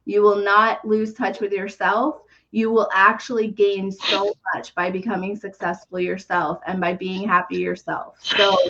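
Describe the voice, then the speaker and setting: A woman hosting a live numerology reading, talking gently and earnestly with soft fillers and small laughs. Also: mid-range voice. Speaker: numerology reader and podcast host. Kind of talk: live reading on a video call. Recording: dull lo-fi stream audio.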